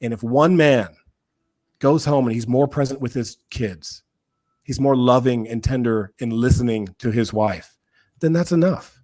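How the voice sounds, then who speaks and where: A man's voice: medium pitch, steady tone, a little slow, darkish tone. A man speaking as a guest on a podcast, earnest and preacherly, repeating phrases for emphasis. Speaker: podcast guest, men's work founder. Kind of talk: impassioned conversational talk. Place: podcast recording, remote or studio.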